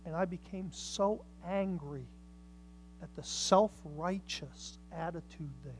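A woman preaching a sermon with passion, swinging from hushed lines to loud, emphatic ones. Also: lowish voice, slow, a little hiss or hum.

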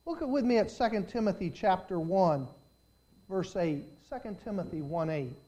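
A man preaching a sermon as pastor, swelling into loud, stretched-out emphasis and then dropping back to a conversational tone. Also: high-pitched, animated, highs cut off. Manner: preaching with surges of volume and drawn-out emphasis.

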